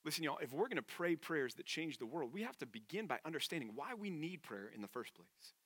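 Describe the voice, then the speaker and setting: Bright-voiced man preaching. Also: fairly high pitch, sing-song, a little fast, no echo. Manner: earnest, conversational preaching. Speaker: pastor. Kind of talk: sermon.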